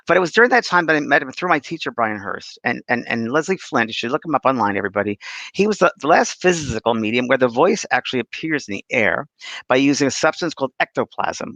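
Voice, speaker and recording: A man's voice: medium pitch, creaky, pushed and bright, no echo, poor audio. A man in his sixties, a spiritual medium co-hosting a podcast, telling stories animatedly with frequent restarts and acted-out voices. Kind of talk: casual podcast storytelling.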